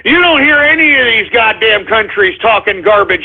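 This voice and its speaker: A man hosting a political talk radio show, ranting combatively and breaking into shouted bursts. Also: very high-pitched, lively intonation, a little fast, few pauses. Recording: phone-like narrow band.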